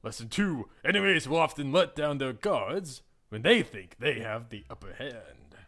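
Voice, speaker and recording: A man's voice: medium pitch, expressive, moderate pace, fairly bright tone. A man voicing a stern male combat mentor, lecturing and mocking his pupil as he reads a visual novel aloud.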